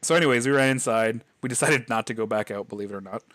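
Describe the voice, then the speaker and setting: A man's voice: mid-range voice, fast, fairly bright tone, dry recording. A man hosting a podcast, telling a scary childhood story in a rambling, casual way, full of fillers and laughs. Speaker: podcast host.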